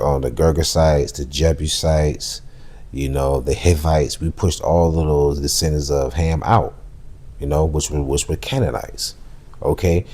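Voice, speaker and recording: A low, dark, husky male voice preaching online. He reads scripture in a slow, measured way, then breaks into quick, slangy asides and asks his viewers rhetorical questions. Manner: reads scripture slowly, then speeds up in comment; casual slang and fillers. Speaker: religious commentator. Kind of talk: preaching commentary with scripture reading.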